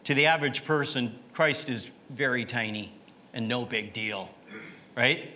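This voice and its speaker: A man's voice: mid-range voice, measured pace, pushed and bright, slight background noise. A middle-aged male pastor preaching a sermon, emphatic and questioning, often checking in with the congregation with "right?".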